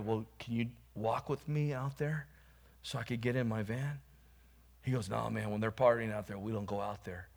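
A man preaching, telling his own testimony and rising from quiet storytelling to loud calls to the congregation. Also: medium pitch, vocal fry. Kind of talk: testimony sermon.

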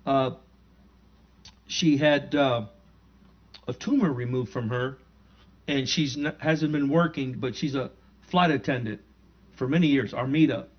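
A male pastor telling a story in a sermon, conversational and animated, acting out the dialogue himself. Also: mid-range voice, measured pace, long pauses, highs cut off.

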